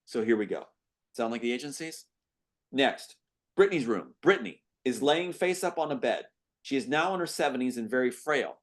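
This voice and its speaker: A man's voice: medium pitch, animated, moderate pace. A man reads through his own script, playing every part himself. He keeps breaking off to comment, and his voice catches with emotion along the way. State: choked up with emotion. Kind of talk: dramatic script reading with commentary.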